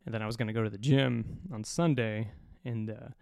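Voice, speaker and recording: Man, podcast host, casual storytelling, profane, self-mocking, gravelly, smooth resonant tone. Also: lowish voice, fairly even intonation, brisk, darkish tone, dry recording, clean studio sound.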